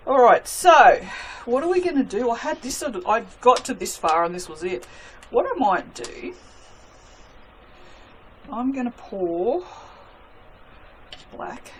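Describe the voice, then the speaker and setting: A woman's voice: on the high side, sing-song, slow pace, long pauses, a little hiss or hum. A woman chatting casually to her viewers while making soap, self-mocking and talking to herself as she works. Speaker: soap maker.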